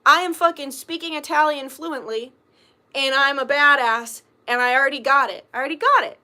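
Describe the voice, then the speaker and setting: This tarot reader's livestream chat is loose and rambling, full of filler words with a swear word here and there. Her high-pitched voice sounds pushed and bright.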